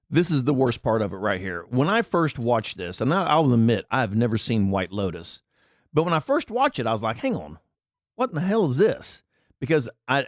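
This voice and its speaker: Guy ranting on camera, sarcastic, pitch jumping all over, dry close sound. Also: dry recording. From Tennessee. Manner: sarcastic, indignant, preachy. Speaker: commentary vlogger. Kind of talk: ranting political commentary.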